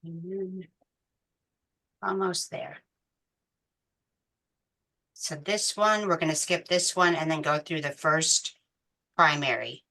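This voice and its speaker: A woman's voice: lowish voice, slow, long pauses, pushed and bright. A woman teaching a beading class step by step, counting beads aloud patiently. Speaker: beading instructor. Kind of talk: step-by-step craft tutorial.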